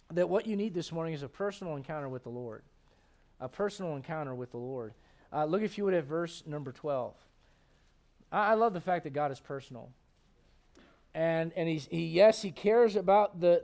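A man in his thirties, a pastor preaching a lively, conversational sermon with frequent restarts. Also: fairly high pitch.

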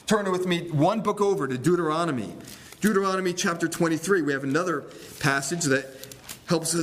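Lively high-pitched preaching pastor. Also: male voice, slight background noise. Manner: expository preaching with rhetorical questions, repeating key phrases. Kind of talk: sermon.

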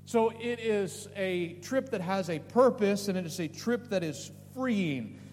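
A man with a high voice preaches a sermon, pressing his points with emphatic questions that climb in pitch. His voice rings in a reverberant church hall. A faint hum sits underneath. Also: animated, measured pace, darkish tone. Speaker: pastor.

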